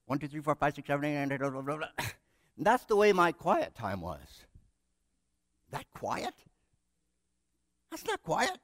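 A middle-aged male preacher with a somewhat high voice, animated and self-mocking as he tells a story. His delivery swings from hushed to loud, and the recording is dry and close. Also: moderate pace, long pauses, no echo. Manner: self-deprecating humor. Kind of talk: sermon with storytelling.

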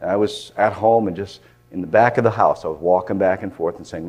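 An older man from Michigan preaching a sermon as a pastor, impassioned, swinging from loud fervent cries down to hushed near-whispers. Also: low-pitched, fairly quick, slightly rough.

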